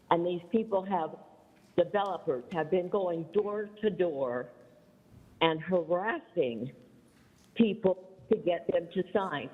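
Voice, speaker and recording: A woman in her seventies making an emphatic, defiant public comment at a council meeting, calling in remotely. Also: lowish voice. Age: 70s. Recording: tinny phone line played into a reverberant hall.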